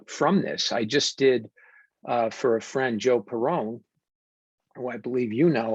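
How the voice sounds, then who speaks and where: An American man, a wellness coach, telling stories earnestly and deliberately in an interview, with frequent fillers. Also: mid-range voice, creaky, husky, dry recording. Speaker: wellness coach and podcast guest. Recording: dull dry remote audio.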